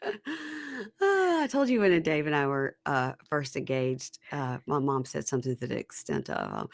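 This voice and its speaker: A woman's voice: a bass voice, moderate pace, creaky, no room sound, clean studio sound. A woman hosting a podcast, recapping a reality show in casual chat and acting out the people's lines as she tells it. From Southern United States. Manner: animated storytelling, acting out quotes. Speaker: podcast host.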